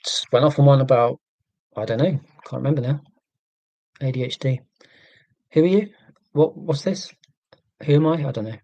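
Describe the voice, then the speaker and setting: During a casual, rambling live chat, a YouTuber reads out viewer comments and answers them with wry, self-deprecating humor. His medium-pitched voice is dark in tone, moves at a moderate pace with frequent pauses, and has no echo.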